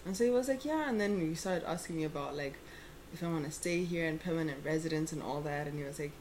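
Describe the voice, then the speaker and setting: A young woman in her twenties telling a story in casual chat, animated and laughing often. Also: low-pitched, fast talker, slight background noise.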